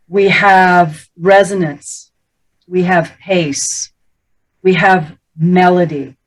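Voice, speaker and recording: A middle-aged woman teaches about the speaking voice as a voice coach, with a voice sitting a little low for a woman. She talks in an animated, playful way. Now and then she slips into quick demonstration voices. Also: rough recording.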